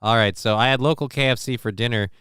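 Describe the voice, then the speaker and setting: A man's voice: medium pitch, quick pace, a bit bright, smooth, dry recording, studio quality. A man hosting a casual livestream, joking loosely and with profanity while reading out viewer comments. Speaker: livestream show host.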